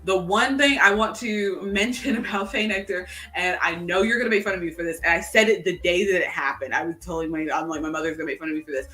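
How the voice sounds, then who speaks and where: Bright young woman, roomy distant sound. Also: fairly low pitch, brisk, few pauses, soft background music. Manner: animated rambling storyteller, many fillers. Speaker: co-host. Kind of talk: casual chat.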